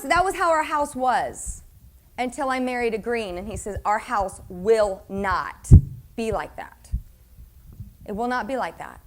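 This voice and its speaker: Woman pastor, middle-aged, sermon, confessional and lively, a bit high-pitched. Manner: candid, confessional, animated preaching with audience questions. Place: church sanctuary.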